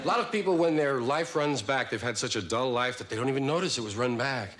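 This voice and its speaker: A man performing a stand-up monologue in a wry, measured storytelling manner. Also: medium pitch, crowd noise. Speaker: stand-up comedian. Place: television studio stage.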